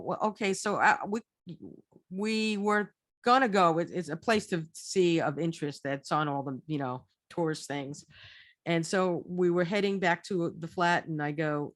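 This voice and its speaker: A woman's voice: fairly low pitch, measured pace, no echo. Chatty woman with a dry, close sound. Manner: chatty, rambling, with frequent restarts. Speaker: storyteller recounting a trip. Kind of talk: casual travel story chat.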